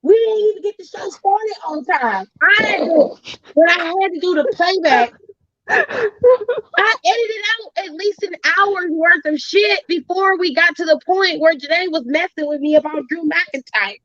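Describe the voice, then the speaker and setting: A high-voiced woman hosts a casual podcast chat and tells a story with lots of acted-out quotes and swearing. The sound is dry and a bit dull, like a lo-fi home setup. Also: measured pace, dry recording. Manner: animated storytelling, acts out quotes, swears freely. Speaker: podcast host.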